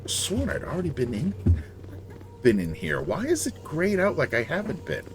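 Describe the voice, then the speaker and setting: A man's voice: fairly high pitch, huge pitch swings, normal speed, over music. A man streaming a computer game, chatting casually and thinking aloud.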